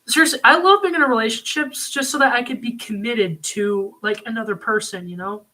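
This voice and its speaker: A man talking casually at home, reviewing a TV series in a rambling, excitable way with lots of fillers. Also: high voice, normal speed. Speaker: video reviewer. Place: home room.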